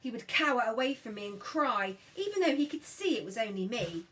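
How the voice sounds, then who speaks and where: Woman, audiobook narrator, fairly high pitch, expressive storytelling. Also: brisk, poor audio. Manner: lively character voices in dialogue. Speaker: audiobook reader. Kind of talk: scripted narration.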